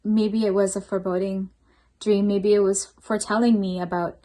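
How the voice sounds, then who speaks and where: A woman's voice: mid-range voice, level tone, moderate pace, warm tone. A woman shares a personal testimony at a devotional program. She speaks earnestly and reflectively, as a healthcare worker who works night shifts.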